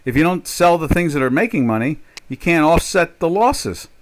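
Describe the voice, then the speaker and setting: A man's voice: fairly high pitch, animated, normal speed. An older man chatting casually as a trader on a live stream, rambling and joking, with many fillers and restarts. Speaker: trader hosting a live chat.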